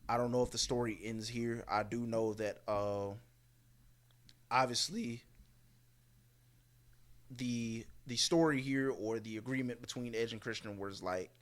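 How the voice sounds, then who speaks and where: A man in an easygoing podcast chat, voice sitting at a middle pitch. He hesitates often with fillers and drops in wry asides as he makes his picks. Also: measured pace, long pauses. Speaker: podcast co-host. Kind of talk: casual wrestling predictions chat.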